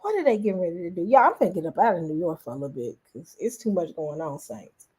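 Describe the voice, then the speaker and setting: Animated woman reacting to news. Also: lowish voice, fast, slightly rough. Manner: animated, exclaiming, addresses viewers as y'all. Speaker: commentary vlogger. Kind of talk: reaction commentary.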